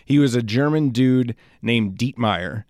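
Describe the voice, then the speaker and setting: A man's voice: medium pitch, unhurried, a little mellow, no room sound, studio quality. A man from South Dakota hosting a casual solo podcast, rambling and self-deprecating as he jokes and tells stories. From South Dakota, USA. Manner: rambling, self-deprecating, jokey, puts on silly voices. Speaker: podcast host.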